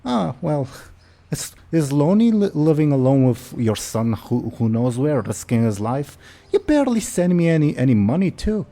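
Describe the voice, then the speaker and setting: A man's voice: very animated, normal speed, dark tone. A man voicing a foul-mouthed, angry middle-aged mother in a tabletop game. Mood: scolding. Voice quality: shrill, cursing.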